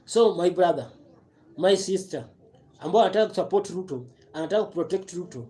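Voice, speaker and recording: A man's voice: high voice, animated, a little fast, dark tone. A man with a Kenyan accent giving impassioned, repetitive political commentary on a live stream, mixing broken English with Swahili.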